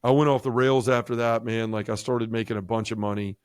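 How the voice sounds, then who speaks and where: A man telling his personal faith testimony as a guest, earnest and halting, with many restarts. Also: medium pitch, fairly even intonation, clean tone, no echo, clean studio sound.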